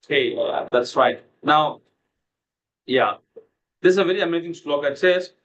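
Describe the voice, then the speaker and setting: A man's voice: on the high side, moderate pace, a bit bright, highs cut off, slight background noise. A man teaching a devotional scripture class over a video call, telling a story loosely with lots of "you know" fillers. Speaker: Bhagavad Gita class teacher.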